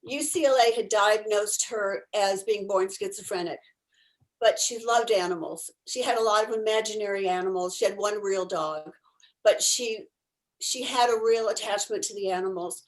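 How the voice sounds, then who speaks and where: A woman with a medium-pitched voice speaks at a moderate pace on a rough recording. She's a volunteer chatting animatedly over a video call, laughing often as she shares casual stories about her therapy dogs.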